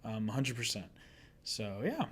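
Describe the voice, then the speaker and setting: A man's voice: on the low side, sing-song, measured pace, a little hiss or hum. A young man co-hosting a casual podcast, laid-back, laughing often and trailing off with fillers. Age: young adult. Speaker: podcast co-host. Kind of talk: casual chat.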